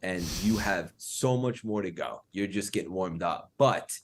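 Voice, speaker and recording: Deep-voiced earnest man, podcast host. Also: unhurried, background noise. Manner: earnest, emotional, encouraging. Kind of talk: podcast interview.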